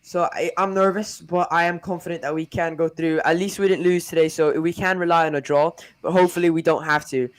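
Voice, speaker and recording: Man from America, fan show co-host, rambling and exasperated, fairly high voice. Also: fairly even intonation, a little fast, few pauses, smooth. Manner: rambling and exasperated with frequent restarts. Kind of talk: casual fan chat.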